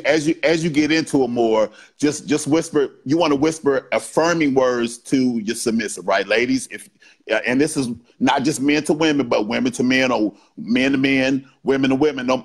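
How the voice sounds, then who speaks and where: Podcast guest, adult man, relaxed explainer who punctuates his talk with "right?". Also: mid-range voice, slightly rough. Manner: explains in short bursts, tagging lines with "right?". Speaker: guest BDSM educator. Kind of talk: casual podcast interview talk.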